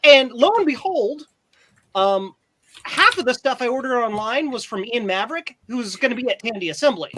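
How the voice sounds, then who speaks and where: A man's voice: very high voice, lively intonation, moderate pace, bright, forceful tone. A man hosting a casual live stream, chatty and self-deprecating, with lots of fillers and restarts.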